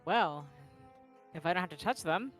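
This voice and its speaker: A woman's voice: lowish voice, animated, moderate pace, fairly bright tone, faint music behind. A woman player in a tabletop game, speaking casually and playfully.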